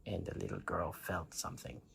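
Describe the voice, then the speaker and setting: A man's voice: sits low, fairly quick, gravelly, fairly bright tone, slight background noise. A man improvising a bedtime story, playful and rambling, breaking into giggles and shrieks.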